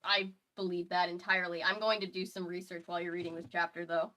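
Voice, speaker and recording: A woman's voice: on the low side, flat delivery, fast, bright, forceful tone. A woman hosting a casual livestream chat, joking in a dry, self-mocking way. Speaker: host.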